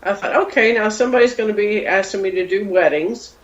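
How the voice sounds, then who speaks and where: A woman's voice: mid-range voice, fast talker. A woman paranormal investigator chats as a podcast guest, wandering through her stories and slipping into the voices of the people in them. Her voice sounds dull and lo-fi, with a noticeably roomy echo around it. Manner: rambling, acts out quoted dialogue. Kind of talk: casual storytelling in an interview.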